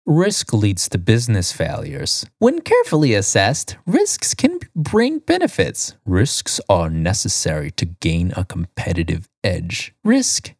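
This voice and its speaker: A man's voice: low voice, wildly swooping pitch, measured pace, few pauses, a little mellow, husky, no echo, studio quality. A man co-hosting a podcast, reading quiz questions and answer lists in casual chat, laughing often. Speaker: podcast co-host.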